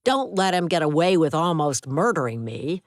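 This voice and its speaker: A woman voicing an angry, wounded male intruder in an audiobook, sharp and accusing. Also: deep voice, very animated, normal speed, no echo, studio quality. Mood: spiteful.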